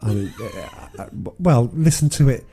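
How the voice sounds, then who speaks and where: A man's voice: a little high, huge pitch swings, normal speed, mellow, soft background music. A man co-hosting a podcast, casually retelling a film plot with many ums and restarts. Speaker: podcast co-host. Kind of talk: casual film recap chat.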